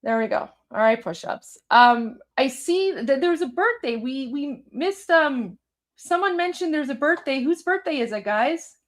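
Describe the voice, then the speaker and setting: A young woman with a bright, high-pitched voice hosts a casual livestream. She chats freely with her viewers and answers their comments as she goes. Her speech is loose and rambling, full of fillers and restarts. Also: expressive, unhurried. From Iranian heritage. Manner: chatty, many fillers and restarts. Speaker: livestream host.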